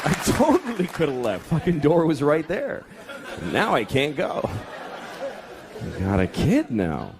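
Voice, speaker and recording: On a comedy club stage, a man in his thirties performs a stand-up set, exasperated and profane, acting out little voices for a laughing audience. His fairly high voice swoops wildly in pitch at an unhurried pace. It's a live club recording with crowd noise.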